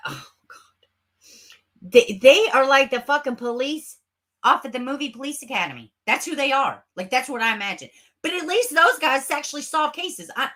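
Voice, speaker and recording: Lively bright-voiced woman livestreaming. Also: on the high side. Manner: sarcastic, animated, swears and laughs often. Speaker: livestream host. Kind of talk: casual livestream chat reading comments. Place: home, close to a webcam. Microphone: camera mic.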